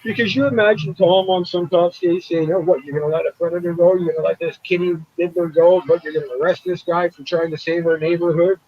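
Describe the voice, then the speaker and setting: A man's voice: sits high, steady tone, quick pace, few pauses, highs cut off. A man hosting a casual live-stream chat over a video call, talking bluntly, swearing and acting out the people he quotes. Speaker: show host.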